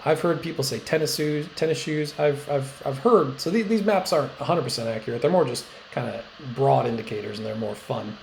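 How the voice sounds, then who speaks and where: A man teaching middle school social studies in a loose, joking way, drifting into asides and filling pauses with "uh." His voice sits at an ordinary middle pitch with a gravelly, creaky edge. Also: darkish tone, a little hiss or hum, rough recording. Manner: chatty and joking, many "uh" fillers and rambling asides. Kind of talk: casual recorded class lecture.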